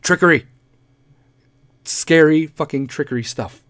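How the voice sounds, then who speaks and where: A man's voice: medium pitch, animated, moderate pace, a little mellow, no echo. A man hosting a podcast, delivering a profane, rambling comedic rant. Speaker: podcast host.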